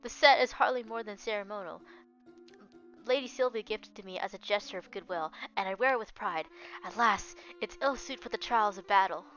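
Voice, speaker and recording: A woman's voice: medium pitch, brisk, fairly bright tone, natural voice. A woman voicing a devoted young female knight who speaks in formal, archaic oaths. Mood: solemn. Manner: formal, archaic oath-swearing speech. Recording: dull lo-fi with faint music.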